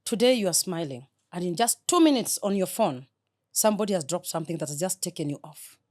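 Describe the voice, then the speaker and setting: Middle-aged woman, interview guest, heartfelt and soft-spoken, lowish pitch. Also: lively intonation, fast talker. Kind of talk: emotional interview talk.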